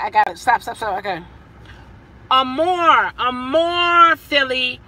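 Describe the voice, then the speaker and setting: A woman, chatting casually as a vlogger in a car, animated and stumbling over her words. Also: a little high, rough recording. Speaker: vlogger and rideshare driver. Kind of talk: casual chat.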